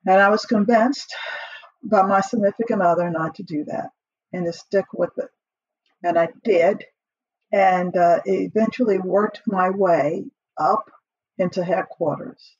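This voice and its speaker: A middle-aged woman with a husky voice, a podcast guest telling her career story in a lively way, laughing often and acting out what she said back then. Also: medium pitch, a little slow, no room sound, lo-fi sound. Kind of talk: casual storytelling interview.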